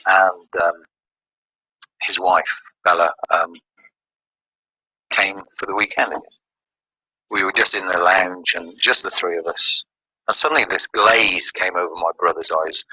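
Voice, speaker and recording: A man's voice: deep voice, sharp tone, breathy edge, dry recording, low-quality recording. A man from the United Kingdom telling a personal religious testimony, recounting events with quoted dialogue.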